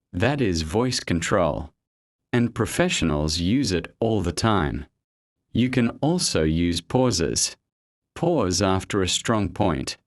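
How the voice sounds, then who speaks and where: A man giving a scripted motivational English lesson in a measured, emphatic delivery. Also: lowish voice.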